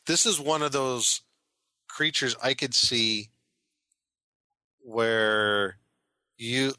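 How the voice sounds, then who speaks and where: A man's voice: medium pitch, drawn-out words, pushed and bright, no echo. A man co-hosting a casual tabletop game chat, joking and reacting with short laughs. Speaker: co-host and dungeon master. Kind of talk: casual chat about monster lore.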